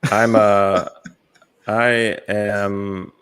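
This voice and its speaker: A man's voice: fairly low pitch, level tone, very slow, a bit bright, clear, resonant tone. An American man hosting a casual podcast chat, rambling with many fillers and easy laughs. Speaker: podcast host.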